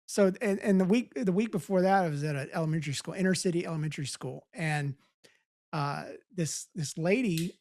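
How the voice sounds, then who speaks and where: A woman from St. Louis, co-hosting a podcast, telling stories in a lively, chatty way and acting out the voices of the people in them. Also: low voice. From St. Louis, USA. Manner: animated storyteller, acts out quoted voices, laughs easily. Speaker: podcast co-host. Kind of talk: casual storytelling chat.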